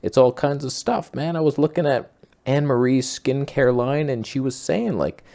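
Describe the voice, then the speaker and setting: A man's voice: mid-range voice, normal speed, gravelly, mellow. A man hosting a health vlog, answering viewer questions in a chatty, frank and sometimes indignant way, full of "like" fillers. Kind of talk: casual rambling Q&A monologue.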